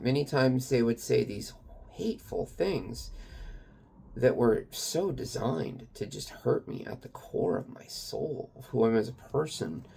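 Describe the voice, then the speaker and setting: Guy with a gravelly voice, rambling through a personal story, lots of uh and like. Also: medium pitch, a little mellow, slight background noise. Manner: rambling and confessional, full of fillers and swearing. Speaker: kratom vendor and channel owner.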